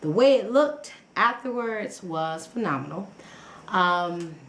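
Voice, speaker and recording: A woman's voice: mid-range voice, animated, slow pace, fairly bright tone. A woman vlogger telling a personal story in a rambling, chatty way, full of fillers and restarts, acting out her own past reactions. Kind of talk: casual personal story vlog. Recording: echoey room with faint background noise.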